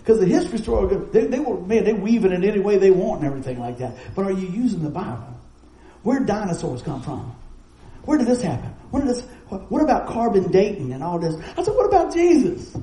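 High-voiced preacher, dark and folksy. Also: male voice, reverberant, low-quality recording. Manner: folksy storytelling, animated, quick asides. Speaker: pastor. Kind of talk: sermon.

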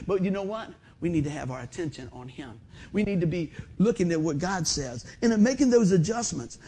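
Husky high-voiced pastor preaching. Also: male voice. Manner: animated, folksy, asks the congregation questions. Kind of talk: sermon. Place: church sanctuary.

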